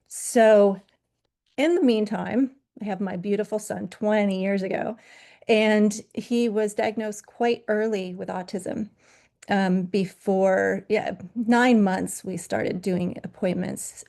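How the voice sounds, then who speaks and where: A middle-aged woman who teaches yoga, telling her own story at a conference in a candid, self-deprecating way, with pauses and fillers. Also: medium pitch, creaky, a little mellow. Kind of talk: personal story told at a conference. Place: virtual conference.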